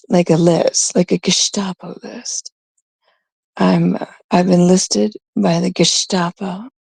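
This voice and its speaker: A woman from Canada chats on her own stream at an unhurried pace. Her voice has a gravelly fry and a husky edge. She rambles in a gossipy, confiding way over a dry, close sound. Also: medium pitch, warm tone, no room sound. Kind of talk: casual livestream chat.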